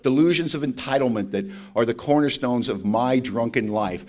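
A man's voice: fairly low pitch, brisk, few pauses. A man speaking at a recovery meeting, telling his story in a blunt, emphatic and self-mocking way. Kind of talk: personal testimony talk.

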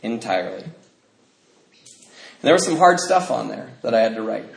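A man sharing his story with a group, animated and laughing often, jumping high in pitch when he acts out other people. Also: moderate pace, creaky, reverberant.

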